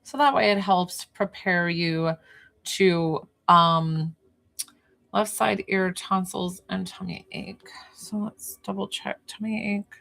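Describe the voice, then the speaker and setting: A woman running a live-streamed energy healing session, talking calmly through breathing and encouragement with chatty asides. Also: medium pitch, takes it slowly, vocal fry. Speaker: spiritual healer on a livestream.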